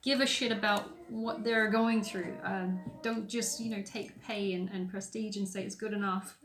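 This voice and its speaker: A woman's voice: a little high, normal speed. A woman hosting a podcast, talking in a blunt, sweary, sarcastic way with plenty of ums. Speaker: podcast host. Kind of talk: casual opinion monologue while painting. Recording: roomy echoey room sound.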